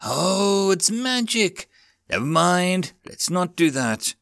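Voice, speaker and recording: Brief: man voicing a sulky blunt goblin boy for an audiobook, high, grumbling, dry sound. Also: very animated, slow pace, gravelly, fairly bright tone, smooth, dry recording, heavily acted. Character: grumpy blunt young male goblin orphan.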